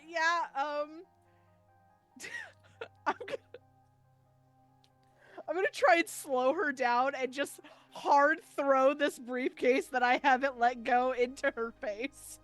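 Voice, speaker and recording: A woman's voice: high-pitched, takes it slowly, pauses often, a bit bright, soft background music. A woman playing a tabletop game, giggling and hesitant, often unsure of the rules. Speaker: player.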